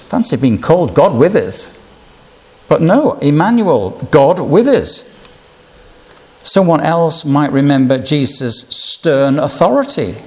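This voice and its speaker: Man, fairly high voice, sermon, measured and reflective, reads scripture aloud. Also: darkish tone. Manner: slow, measured, reflective Bible teaching with read-out scripture. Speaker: preacher.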